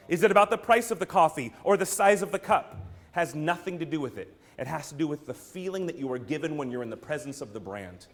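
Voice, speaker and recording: An American brand strategist and speaker with a fairly high, fairly bright voice gives an emphatic keynote to a room, throwing rhetorical questions and theatrical asides at the audience.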